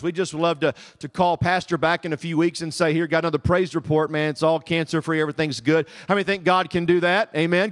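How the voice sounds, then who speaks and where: A middle-aged man with a Southern US accent, preaching as a guest speaker in humorous, animated storytelling. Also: fairly high pitch. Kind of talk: sermon. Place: church service.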